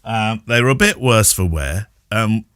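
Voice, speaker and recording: A man's voice: fairly low pitch, a little slow, no echo, clean studio sound. A man co-hosting a podcast, chatting casually and telling jokey stories with frequent laughter. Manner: jokey, animated storyteller who laughs often. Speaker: podcast co-host. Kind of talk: casual chat.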